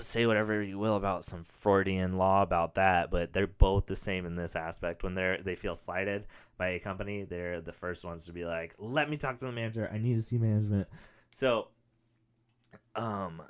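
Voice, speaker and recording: A young man hosting a comedy podcast, rambling through a story and acting out the other people in it. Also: smooth. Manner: animated, acts out quoted voices with big pitch jumps. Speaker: podcast host. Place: home studio with a whiteboard.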